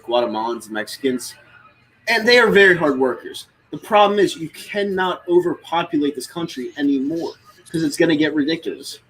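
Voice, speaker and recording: A man's voice: fairly high pitch, a bit bright, slightly rough, low-quality recording. A man from the United States on a live stream, explaining his views in a lecturing way and often checking in with "all right?". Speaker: stream host. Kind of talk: casual political chat on a live stream.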